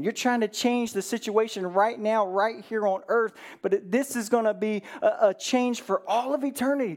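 A pastor preaching in a relaxed, conversational way, with a voice that sits in a middle register. The delivery is earnest and direct. Questions like "right?" come again and again, and the speaker slips briefly into the voices of Bible figures. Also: mid-range voice, measured pace, hardly any pauses. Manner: earnest, keeps asking "right?" and acts out the Bible figures' lines. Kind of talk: conversational sermon.

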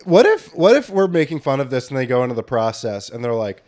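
A man's voice: mid-range voice, big pitch swings, fast talker, a little mellow. A young man co-hosting a casual comedy podcast, riffing and acting out silly scenarios. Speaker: podcast co-host.

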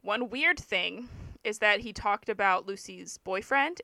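A young woman telling a story in a casual podcast chat, with many fillers and lively asides. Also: mid-range voice, a little slow, no echo. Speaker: podcast co-host. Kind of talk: casual true-crime chat, reading aloud.

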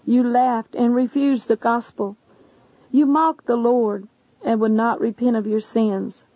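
A woman's voice: on the high side, steady tone, a little slow, no echo. A woman voicing a sorrowful male savior who speaks solemnly of judgment. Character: sorrowful stern male savior judging souls. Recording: dull lo-fi recording.

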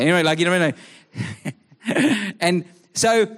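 A man from South Africa preaches to his church in a high, light voice. He talks conversationally and earnestly, stumbling and repeating words as he goes. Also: expressive, unhurried, fairly bright tone. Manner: conversational, earnest, frequent restarts and stammered repeats. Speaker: pastor. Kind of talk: sermon. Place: church service.

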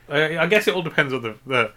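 Male co-host, bright ringing voice, jokey and giggly, loose banter. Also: a little high, expressive, moderate pace. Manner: jokey, giggly, rambling wordplay. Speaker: podcast co-host. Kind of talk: casual comedic chat.

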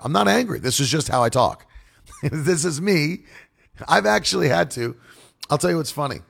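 A man who preaches and broadcasts, talking casually to his audience in a forceful, demonstrative, animated way. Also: a little high, a little fast, vocal fry, husky. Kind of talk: casual monologue.

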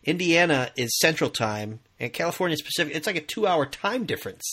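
Chatty podcast host guy, bright voice, pitch jumps all over, laughs a lot. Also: big pitch swings, fast, breathy edge. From US Midwest. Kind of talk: casual chat.

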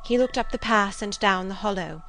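A woman narrating a classic novel as an audiobook reader, with measured, expressive storytelling. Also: mid-range voice, a little hiss or hum, poor audio. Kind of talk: scripted literary narration.

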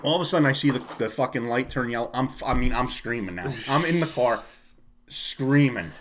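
A man's voice: medium pitch, animated, brisk, a bit bright, a little hiss or hum. Profane, ranting man telling a story. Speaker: storyteller in a casual chat. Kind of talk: casual chat.

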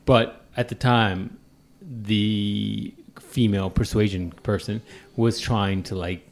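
Animated young man telling a story. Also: on the low side, takes it slowly, gravelly. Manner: animated storyteller, acts out voices, laughs often. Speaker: podcast co-host. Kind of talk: casual podcast chat.

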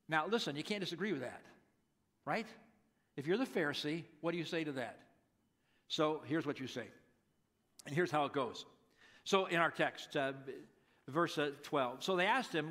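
A man's voice: a little high, lively intonation, moderate pace, long pauses, fairly bright tone. Conversational male pastor preaching. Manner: conversational, acts out quotes animatedly. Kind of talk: sermon.

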